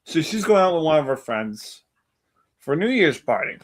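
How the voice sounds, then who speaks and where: Man, casual storyteller, slightly high voice, rambling and laughing as he goes. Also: sing-song, moderate pace. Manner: rambling, laughs often, acts out quotes. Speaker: stream co-host telling a story.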